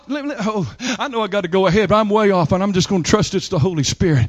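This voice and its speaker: Fervent high-voiced male preacher, lo-fi sound. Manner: builds from low slow passages to loud high-pitched shouting preaching; calls on the congregation to repeat and respond. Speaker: pastor. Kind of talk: sermon.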